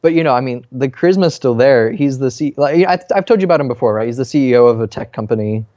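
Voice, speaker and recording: A fast-talking man with a dark tone co-hosts a podcast from a New York apartment, telling a family story casually and acting out the people in it with a raised pitch for quotes. There's no room sound, and the audio is dull.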